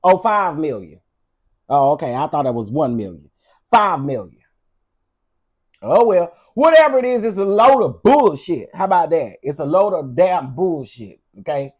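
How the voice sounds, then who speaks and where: A man with a high voice that swings widely up and down, ranting to his viewers in loose, unscripted commentary. He is sassy, blunt and freely profane, and he talks straight to the audience. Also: big pitch swings, measured pace, long pauses, darkish tone, husky. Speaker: vlog host. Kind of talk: casual commentary rant.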